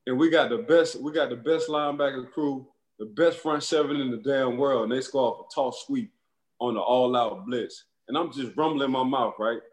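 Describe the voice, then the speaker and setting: A man, a former football player, telling animated stories in casual chat and laughing as he goes. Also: medium pitch, moderate pace, roomy sound.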